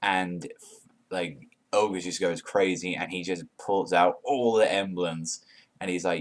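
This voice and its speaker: A man reviewing a manga chapter in an excited, casual way, swearing often and filling his talk with "like". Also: low-pitched, slow pace. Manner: profane, hyped, heavy use of "like".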